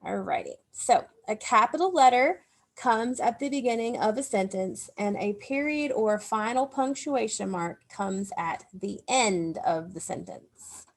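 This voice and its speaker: A woman teacher takes a class of young pupils through a grammar lesson at an unhurried pace. She explains each step patiently and asks the children to say the words along with her. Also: medium pitch, animated. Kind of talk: recorded remote phonics lesson.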